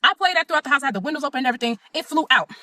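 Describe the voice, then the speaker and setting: Young woman, casual storytelling, emphatic and profane, quick delivery, dry close sound. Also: high-pitched, animated, bright, forceful tone, dry recording. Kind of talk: casual first-person storytelling.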